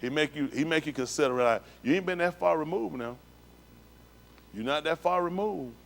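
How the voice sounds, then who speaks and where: His voice runs on the high side, animated, with vocal fry and a moderate pace. He is telling the congregation on a synagogue livestream his personal story, emphatic and repetitive, in plain street talk.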